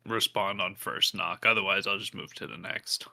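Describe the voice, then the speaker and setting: A man's voice: deep voice, steady tone, normal speed, vocal fry, pushed and bright. A man playing a tabletop role-playing game, asking questions and sometimes whispering in character. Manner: inquisitive, drops to a whisper in character. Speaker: player.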